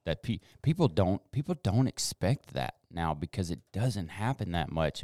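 A man's voice: deep voice, sing-song, moderate pace, darkish tone, no echo, clean studio sound. A man hosting a casual conversation, asking questions and affirming his guest with encouraging responses. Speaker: podcast host.

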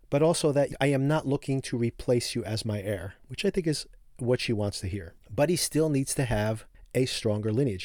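A man's voice: medium pitch, darkish tone. A man hosts a podcast and talks through a TV episode in a casual, opinionated way, chuckling as he goes. His voice sits in the middle range. The recording is dry and close, with no room echo. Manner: chatty, opinionated, chuckles often. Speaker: podcast host.

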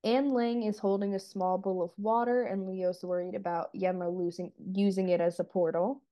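A woman co-hosting a podcast, casually recapping and discussing a TV episode in a relaxed, chatty way full of fillers. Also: medium pitch, normal speed. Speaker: podcast co-host.

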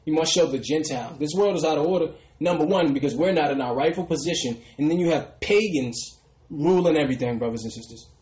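A man preaching a sermon who often trails off into a soft "brothers and sisters". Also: a little high, fast, roomy sound, rough recording. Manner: ends phrases with a dropping, quiet "brothers and sisters". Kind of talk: street sermon.

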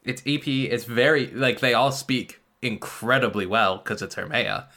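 Male co-host, bright and crisp tone, relaxed banter. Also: medium pitch, moderate pace. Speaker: podcast co-host. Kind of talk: casual chat among friends.

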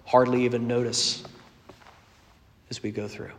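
Pastor preaching in a reverberant hall. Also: male voice, medium pitch, moderate pace. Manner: earnest, storytelling, shifts between loud emphasis and quiet asides. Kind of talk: sermon.

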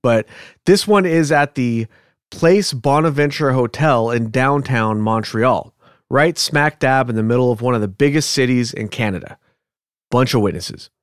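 A man's voice: medium pitch, normal speed, smooth, dry recording. Casual male podcast co-host, dry sound. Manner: reads show announcements, then chats loosely.

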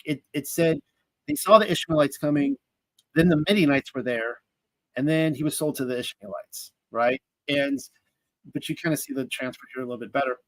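A man's voice: a little high, dry recording, rough recording. A man reading scripture aloud and commenting in a casual, thinking-aloud way, with fillers and restarts. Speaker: Bible study teacher.

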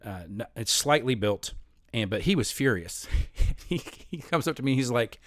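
A man's voice: medium pitch, expressive, moderate pace, a bit bright, no echo, clean studio sound. A man in his fifties telling a long personal story in a rambling, self-mocking way, often laughing as he talks.

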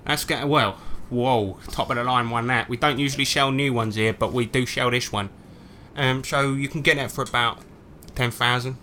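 Cheeky matey shop clerk, put on by a man, bright delivery. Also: medium pitch, steady tone, moderate pace, a little hiss or hum, close to an everyday voice. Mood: pushy salesman. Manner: cheeky matey sales patter. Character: chatty male drone shop clerk, pushy salesman.

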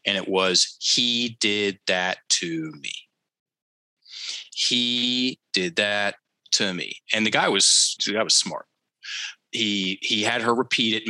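A man with a low, forceful, sharp-edged voice, telling a story as a podcast guest. He leans on key phrases and repeats them for emphasis. He turns to the listeners like a teacher. The sound is dry and close. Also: dry recording, poor audio. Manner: addresses listeners directly, teacherly. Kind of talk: conversational storytelling.

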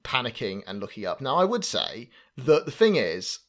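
A man's voice: medium pitch, huge pitch swings, normal speed, a bit bright. Chatty man hosting a film chat. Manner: chatty and jokey, with many fillers and restarts. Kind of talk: casual chat.

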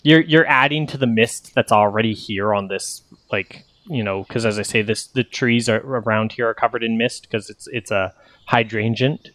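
A man's voice: mid-range voice, moderate pace, fairly bright tone, no echo. A man narrating as game master, rambling and correcting himself as he explains the scene.

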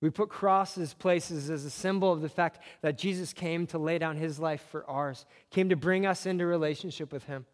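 Earnest male pastor, slightly high voice. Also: normal speed, hardly any pauses. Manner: earnest preaching with repeated building phrases. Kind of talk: sermon. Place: church sanctuary. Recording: long reverb of a church hall.

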